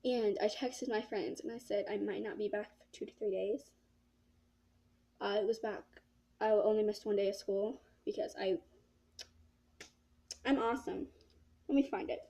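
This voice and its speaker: A woman's voice: mid-range voice, steady tone, moderate pace, long pauses, mellow. A teenage girl telling a casual story-time vlog, rambling and saying "like" a lot. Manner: rambling, filled with "like". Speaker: vlogger.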